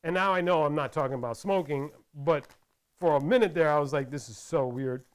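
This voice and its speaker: Chatty, rambling man with higher voice. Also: a little fast, clean tone. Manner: rambling, chatty storytelling with many restarts. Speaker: craft vlogger. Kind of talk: casual tutorial chat.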